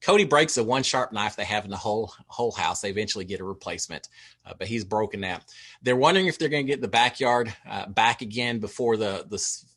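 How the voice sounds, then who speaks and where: A man's voice: lowish voice, fast, a bit bright, breathy edge. A man with a Texas accent giving a casual recap of overnight reality show feeds, chatty with wry asides and frequent filler words. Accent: Texan.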